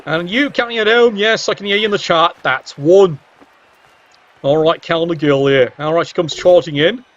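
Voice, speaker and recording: High-voiced man commentating a game. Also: moderate pace, fairly bright tone. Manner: cheeky, wry asides, swears casually. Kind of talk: playful video game match commentary. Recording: dull lo-fi sound.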